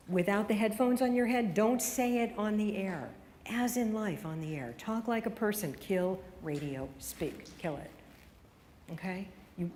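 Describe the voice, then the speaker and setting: A woman delivers a keynote to broadcasters in a large hall, with a long reverb trailing her words. Her voice sits a little low for a woman, and she drives her points with punchy, rapid-fire rhetorical questions. Faint room ambience hums underneath. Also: a little mellow, slight background noise. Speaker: radio consultant giving a keynote. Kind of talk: conference keynote.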